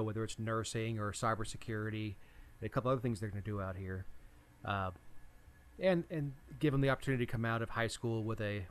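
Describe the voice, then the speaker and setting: A man co-hosting a casual political talk show, speaking bluntly in a folksy way. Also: fairly low pitch. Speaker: podcast co-host.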